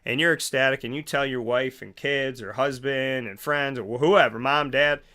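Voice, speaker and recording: Speaking at a normal speed, a male host with a medium-pitched, bright and forceful voice delivers a sermonizing morning motivation segment. Rhetorical questions and repeated lines drive his points, and he performs imagined dialogues by taking both roles.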